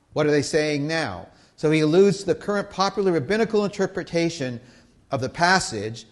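Male pastor with a fairly high voice, conversational and emphatic, moving between loud stress and soft asides. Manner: conversational teaching, checks in with listeners. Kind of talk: sermon.

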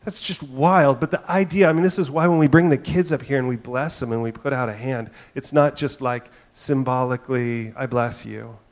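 A man's voice: medium pitch, brisk, hardly any pauses. Conversational middle-aged male pastor preaching. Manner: conversational, storytelling with asides and filler "right?". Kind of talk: sermon.

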